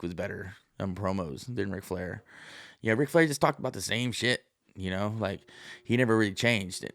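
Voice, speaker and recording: Male podcast host, 30s, low gravelly voice, close dry sound, loose profane rambling monologue. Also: dry recording. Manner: profane, jokey, puts on high voices to act out stories.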